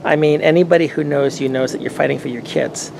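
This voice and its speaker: A man's voice: a little high, fairly even intonation, fast talker, gravelly. A man hosting an interview, a supportive listener who affirms often and then speaks his mind frankly. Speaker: interview host. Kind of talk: interview conversation. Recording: noisy background hum.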